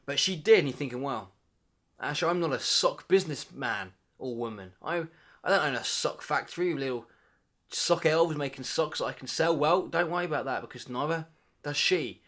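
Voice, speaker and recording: A man in his twenties doing a playful comedic vlog monologue, full of mock-dramatic bursts and low asides. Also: lively intonation, normal speed, a bit bright. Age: 20s. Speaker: vlogger.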